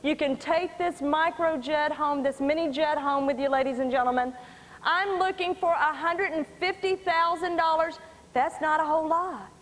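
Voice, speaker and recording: Woman auctioneer, high voice, salesy bid-calling patter, long reverb of a live auction hall. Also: fairly even intonation, moderate pace. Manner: salesy, repeats bid calls and "ladies and gentlemen".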